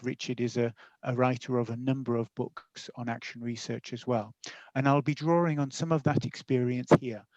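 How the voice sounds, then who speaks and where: A man giving a webinar talk as a guest teacher educator, friendly and measured, with some fillers. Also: mid-range voice, a little mellow, no echo, highs cut off. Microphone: video call.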